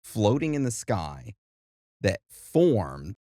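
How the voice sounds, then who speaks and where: Deep-voiced, laid-back podcast co-host man. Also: big pitch swings, very slow, dark tone, no room sound, studio quality. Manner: laid-back, conversational, leads the segments. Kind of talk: casual chat.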